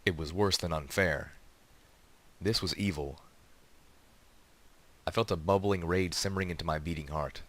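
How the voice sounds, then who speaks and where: Deep-voiced man reading a story. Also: normal speed, long pauses, a bit bright. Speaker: reader. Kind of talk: reading a fan story aloud.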